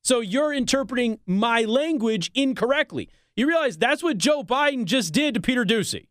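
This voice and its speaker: A man's voice: very high voice, expressive, normal speed, a bit bright, dry recording. A man hosting a talk radio show in a studio, delivering a sarcastic, opinionated monologue and laughing at his own jokes.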